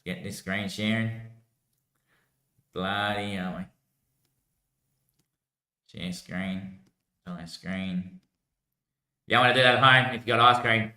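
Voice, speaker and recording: A man's voice: on the low side, fairly even intonation, takes it slowly, pauses often, sharp tone. Rambling, foul-mouthed livestreamer, a man with a keen, cutting voice, laptop mic in a reverberant room. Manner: rambling, slangy, swears often, calls everyone mate. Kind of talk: casual rambling livestream chat. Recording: echoey room.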